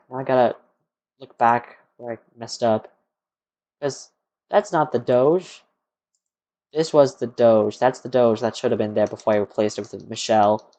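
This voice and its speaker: Here a young man with a medium-pitched, darkish voice streams live from his computer, clearly tired and yawning. He mumbles along casually, talking to himself and responding to chat's questions.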